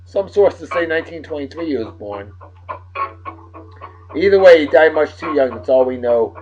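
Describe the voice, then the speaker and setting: Man, massachusetts accent, rowdy show host, lively swooping voice, dull lo-fi recording, faint music behind. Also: on the high side, moderate pace. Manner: rowdy and boastful, bursts into loud whoops. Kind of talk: casual solo show commentary.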